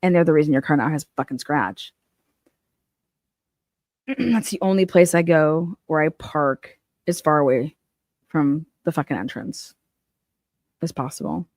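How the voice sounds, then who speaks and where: A woman's voice: low voice, a little slow, long pauses, darkish tone, no room sound, studio quality. A woman hosting a livestream, ranting about a trial in blunt, sarcastic, heavily profane casual commentary.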